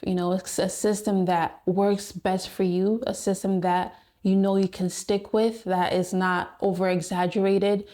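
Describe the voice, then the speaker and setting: A young woman with a mellow, warm voice talks earnestly to her viewers as a fitness vlogger. She keeps encouraging them and repeats key phrases for emphasis. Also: medium pitch. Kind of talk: heartfelt motivational talk to camera.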